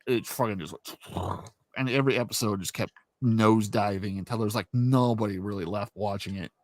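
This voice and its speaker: Profane, animated man ranting. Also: medium pitch, dry recording. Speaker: indie author and channel host. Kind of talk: casual ranting monologue.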